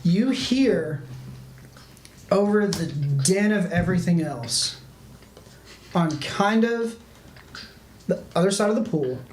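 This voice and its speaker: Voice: mid-range voice, expressive, slow, long pauses. Rambling game master in an echoey room. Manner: loose, rambling narration with frequent restarts and "like". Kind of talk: narrating a tabletop game. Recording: echoey room, faint background noise.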